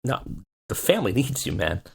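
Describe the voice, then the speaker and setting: A man's voice: medium pitch, very animated, a little fast, vocal fry, slightly rough, exaggerated voice. A man voicing a pushy male wrestling gang leader in a game let's play, pleading and urgent, always starting with "listen".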